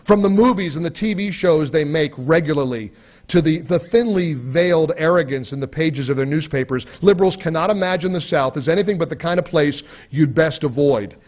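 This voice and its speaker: A man's voice: a little high, fairly quick, darkish tone. A man reading a nonfiction book aloud in a sarcastic, mocking manner. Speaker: audiobook reader. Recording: dull lo-fi recording.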